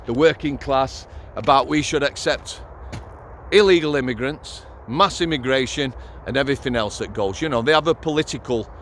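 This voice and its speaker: Speaking outdoors to his channel, a middle-aged man who used to be a prison officer tells stories in a conversational, blunt, sweary vlog style. His voice sits in the mid-range with a fairly bright tone and a moderate pace, and there's a little hiss or hum on the recording.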